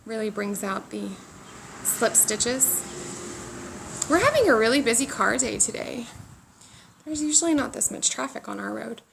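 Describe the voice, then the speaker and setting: A woman's voice: fairly high pitch, animated, a little slow, vocal fry, pauses often, noisy background. A woman hosting a knitting podcast, chatting casually and rambling a little, self-deprecating as she talks, sitting outdoors. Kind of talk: casual chat.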